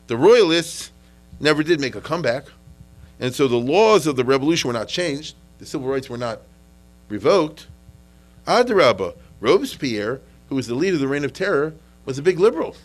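A man's voice: on the high side, poor audio. A man giving an informal history lecture, conversational and often checking in with listeners, mixing in Yiddish and Hebrew terms.

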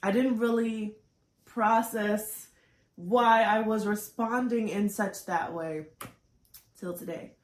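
A woman's voice: medium pitch, steady tone, takes it slowly. Tearful woman in a roomy echo. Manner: open, searching, with frequent fillers and restarts. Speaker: podcast co-host. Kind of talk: candid emotional podcast talk.

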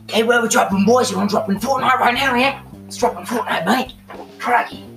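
A young man doing an exaggerated put-on Australian accent, hammy and rushed, recorded from a distance with faint guitar music behind. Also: very high-pitched, creaky, pitched above the performer's own voice. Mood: rowdy. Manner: hammy, rushed, breaks into laughter. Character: exaggerated Australian bloke, excitable.

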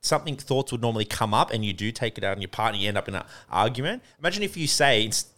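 Casting note: young male co-host, bright forward tone, earnest, enthusiastic, casual. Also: fairly low pitch, animated, racing. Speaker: podcast co-host. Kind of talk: casual chat.

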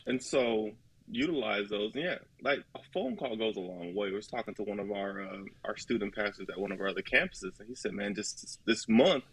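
A man's voice: on the low side, animated, brisk, hardly any pauses, fairly bright tone, husky, rough recording. A man in casual podcast talk about ministry, earnest and folksy, acting out little dialogues. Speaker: ministry leader guest.

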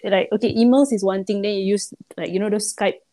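A woman's voice: medium pitch, steady tone, fast talker, dark tone. Chatty young Singaporean woman. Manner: chatty, frustrated venting with many "like"s. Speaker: office worker guest. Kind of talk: casual podcast chat.

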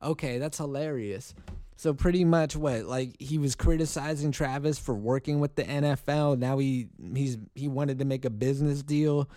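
Guy ranting angrily on his podcast, swears a lot, mellow dark voice, dry close sound. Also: mid-range voice, steady tone, moderate pace, dry recording. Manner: heated, profane, ranting with many restarts. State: angry. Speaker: podcast host. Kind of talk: solo podcast commentary.

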